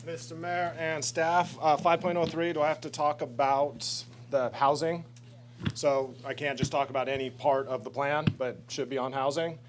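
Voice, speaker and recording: A man's voice: on the high side, steady tone, moderate pace, background noise. An American man giving an impassioned, confrontational public comment at a council meeting.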